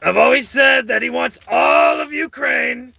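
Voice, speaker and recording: A man putting on a raspy, throaty voice to play a blustery older male politician who shouts. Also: extremely high pitch, unhurried, no room sound, pitched above the performer's own voice, full character voice.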